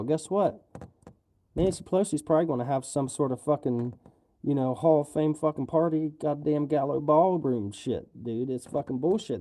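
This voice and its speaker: A man's voice: on the high side, dark tone. Angry, profane man ranting on a livestream. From United States. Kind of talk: livestream rant.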